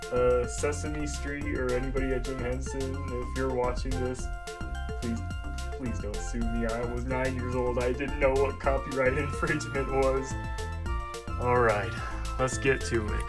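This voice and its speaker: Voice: mid-range voice, little pitch movement, unhurried. Rambling, self-mocking young YouTuber. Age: about 20. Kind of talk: casual commentary, reading childhood books. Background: faint background music.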